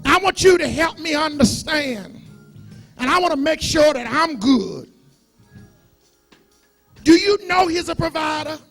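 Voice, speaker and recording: A man preaching a sermon as pastor, shouting and chanting in call-and-response with his congregation. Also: very high-pitched, expressive, a little slow, long pauses, faint music behind. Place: church sanctuary.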